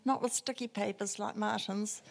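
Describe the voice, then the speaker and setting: Gentle woman chatting about her Bible. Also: medium pitch, fairly even intonation, moderate pace, vocal fry. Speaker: group member sharing scripture. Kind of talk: casual sharing in a small group.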